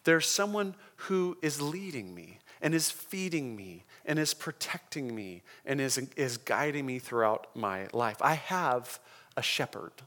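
A man preaching a sermon in a conversational, emphatic way, often slowing down to stress key words. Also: mid-range voice, expressive, fairly bright tone. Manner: conversational, emphatic, checks in with the congregation. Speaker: pastor.

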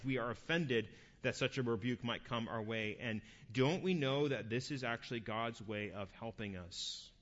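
A man's voice: mid-range voice, normal speed, hardly any pauses. Earnest male preacher, lo-fi church recording. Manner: earnest, rising to forceful emphasis; repeats and restarts words. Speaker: pastor. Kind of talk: sermon.

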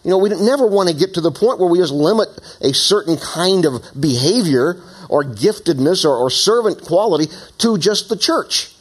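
A man preaching a sermon in an animated, conversational way, with frequent asides. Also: high-pitched, moderate pace, few pauses, breathy edge. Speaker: pastor. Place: church meeting in an opera house.

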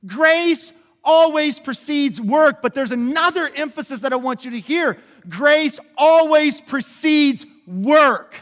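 A man preaching a sermon as pastor, animated and questioning, calling on the congregation to answer back. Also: extremely high pitch, long reverb tail. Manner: animated preaching, drops to quiet emphasis and rises to shouts; asks the congregation questions and calls for responses.

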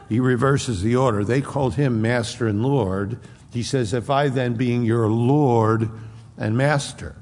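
A man's voice: medium pitch, darkish tone, long reverb tail. A man preaching an expository sermon as pastor, conversational and acting out quoted speech.

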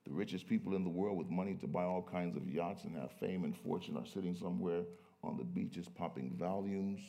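A man preaching a sermon, who moves from low, quiet stretches to loud, emphatic peaks. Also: a little fast, gravelly.

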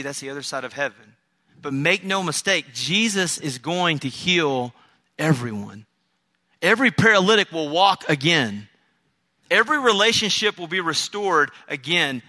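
Male pastor, middle-aged, sermon delivery; high-pitched and piercingly bright; storytelling, quotes imagined voices. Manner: storytelling, quoting imagined voices, emphatic repetition.

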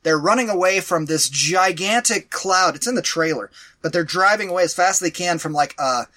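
Man, podcast co-host, bright and slightly high voice, animated and exasperated, casual swearing. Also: fairly quick. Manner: animated, exasperated storytelling with profanity. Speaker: podcast co-host reviewing a movie. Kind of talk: casual chat.

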